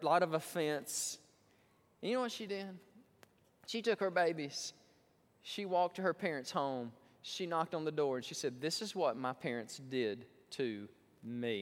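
Male pastor with a drawl, storytelling sermon, acts out his quotes, voice a bit high, reverberant sanctuary. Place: church sanctuary. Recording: long church hall reverb.

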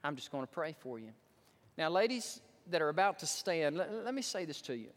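A male pastor preaches a sermon in a church sanctuary, where the long hall reverb is clearly heard. His voice is a little high and fairly quick, and he tells stories animatedly, acting out quoted voices.

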